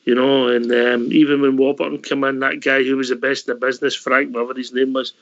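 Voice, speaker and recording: A man hosting a call-in radio show, brisk and matey as he steers the talk. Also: mid-range voice, level tone, vocal fry, fairly bright tone. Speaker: host. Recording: slightly dull lo-fi audio.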